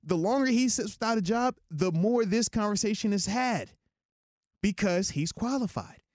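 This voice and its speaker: A man co-hosting sports talk radio, casual and animated, with slang like "bro" and "man.". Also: sits high, normal speed, no echo, clean studio sound.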